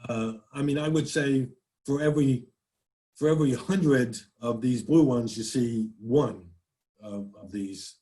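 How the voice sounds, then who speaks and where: This nature presenter, a man with a New England accent, keeps his slide talk casual and folksy, restarting often and breaking into imitated birdsongs now and then. His voice is medium-pitched and warm, a little slow, captured on a rough recording.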